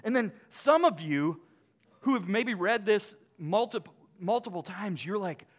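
A young man speaking to a live audience, polling them with quick questions, full of halting restarts, then reading a book passage aloud. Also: high voice, animated. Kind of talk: lively talk to a crowd, reading aloud.

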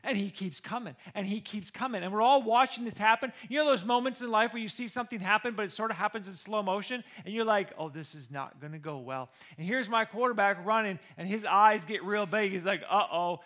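Man, football coach, animated storyteller: high, forceful voice, quotes people with their own voices. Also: quick pace, few pauses. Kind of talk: personal storytelling.

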